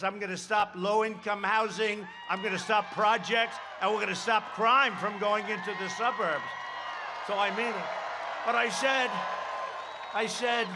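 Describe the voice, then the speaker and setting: A man giving a campaign rally speech at a podium microphone, rambling with sarcastic asides and shouted emphasis. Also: high-pitched, noisy background.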